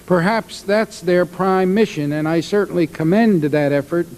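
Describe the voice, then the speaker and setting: A man who is a congressman giving a formal statement at a hearing, halting with frequent uhs. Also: high-pitched, a little mellow. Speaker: ranking minority member of congress.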